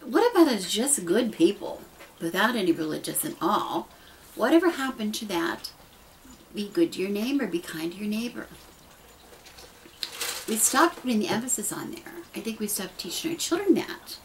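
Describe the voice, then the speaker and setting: An American pagan vlogger, a middle-aged woman, talks earnestly and casually to her camera mic from a dim room at home, rambling and restarting as she shares heartfelt thoughts. Her mid-range voice swings widely in pitch at a moderate pace, and the rough recording carries a little hiss or hum.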